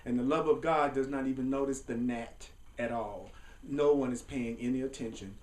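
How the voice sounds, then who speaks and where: A man's voice: medium pitch, fairly even intonation, normal speed. Playful male teacher in an echoey room. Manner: playful, chuckling often, rambling asides. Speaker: spiritual teacher. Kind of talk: informal class teaching. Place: classroom with a group. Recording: echoey room, distant mic, faint hum.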